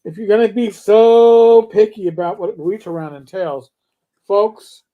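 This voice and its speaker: A man's voice: high voice, a little slow, phone-quality sound. An older man hosting a casual live stream chat, rambling and joking with plenty of swearing. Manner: profane, rambling, animated joker. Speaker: host.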